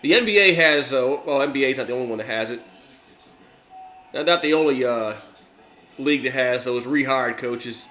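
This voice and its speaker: A man calls a game live for his stream in a casual, chatty way, often restarting his sentences. His voice has a bright, forceful edge. The recording is echoey, as if in a bare room. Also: medium pitch, normal speed, pauses often. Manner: rambling, chatty, many fillers and restarts. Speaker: live stream play-by-play host. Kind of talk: casual play-by-play commentary.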